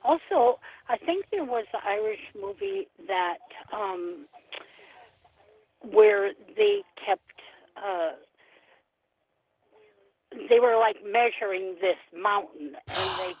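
A woman calling in to a radio show, talking haltingly while she searches for words. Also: mid-range voice, expressive, no room sound. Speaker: caller. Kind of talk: phone-in call. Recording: tinny phone line.

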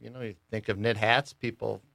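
A middle-aged man, a business owner, speaking as a guest in a radio studio in an easygoing, halting way with many fillers. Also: fairly low pitch, level tone, creaky, fairly bright tone, no echo. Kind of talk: radio interview conversation. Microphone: studio microphone.

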